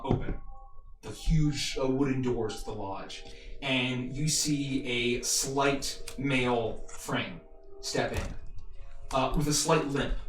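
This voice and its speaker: Roomy-sounding male game master. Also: medium pitch. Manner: halting, many fillers and restarts. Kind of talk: narrating a tabletop game. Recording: roomy, distant mic, faint music.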